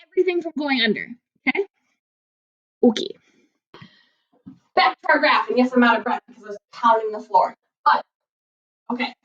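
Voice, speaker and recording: A woman's voice: high voice, reverberant, recorded from a distance, muffled recording. A woman teacher giving a recorded lesson, playful and jokey, who keeps asking "okay?". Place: basement floor at home.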